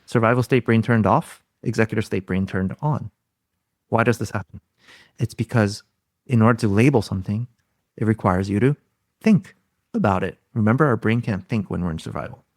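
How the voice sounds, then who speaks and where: A man's voice: on the low side, normal speed, dry recording, studio quality. A man, a guest expert on a podcast, explaining ideas in a teaching tone and often throwing out rhetorical questions. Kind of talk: explaining in an interview.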